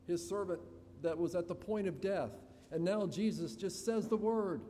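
A man preaching an expository sermon to his congregation, slow and deliberate with dramatic pauses. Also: on the high side, very animated, mellow. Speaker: pastor. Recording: reverberant hall, faint room noise.

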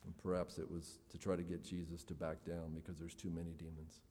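A man preaching with a mellow, darker voice. He explains the scripture earnestly and lifts his voice on key points. The sound carries the long reverb of a large hall. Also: low-pitched, completely flat delivery, brisk. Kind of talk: sermon.

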